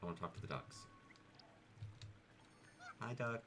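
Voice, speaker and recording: A man streaming a video game, playful and excitable, chatting his way through and greeting the animals. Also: on the low side, unhurried, vocal fry, a little hiss or hum. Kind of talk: casual gameplay commentary.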